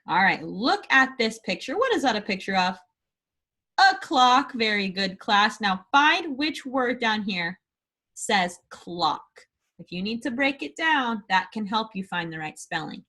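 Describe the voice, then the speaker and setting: A woman teacher leading a phonics lesson for young children, slowly sounding out letters and words and praising the class often. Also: medium pitch, expressive, bright, forceful tone.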